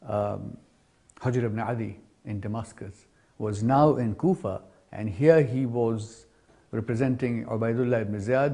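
Mellow-voiced man narrating history. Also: mid-range voice. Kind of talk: historical storytelling.

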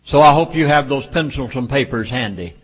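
A man's voice: mid-range voice, brisk, husky. A man with a Southern US accent gives an urgent, emphatic speech to a public meeting, lecturing his listeners. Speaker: public speaker. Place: meeting hall with audience. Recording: long hall reverb.

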